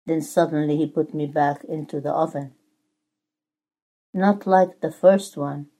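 A frightened clay teacup pleads and cries out as it is rolled, spun and fired, read aloud by a woman preacher. The voice sits low and dark, and it moves in an unhurried way. Each cry is drawn out rather than rushed. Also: steady tone. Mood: anguished. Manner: pleading, crying out.

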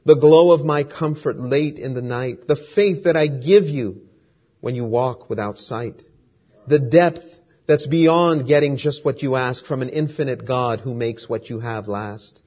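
A man voicing God as a gentle, tender father speaking calmly and softly to his child. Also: medium pitch, natural voice. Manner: soft, calm, measured. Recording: dull lo-fi recording.

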